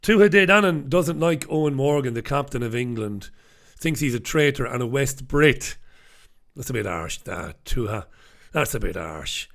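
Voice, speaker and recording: A man's voice: medium pitch, expressive, normal speed, gravelly, a bit bright. A middle-aged man hosting a casual live stream from a home studio, chatty and self-mocking. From Ireland. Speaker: host.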